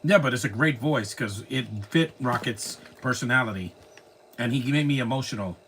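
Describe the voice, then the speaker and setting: A man's voice: medium pitch, normal speed, a bit bright, a little hiss or hum. A man live streaming, chatting casually through a movie reaction, rambling and laughing at his own jokes.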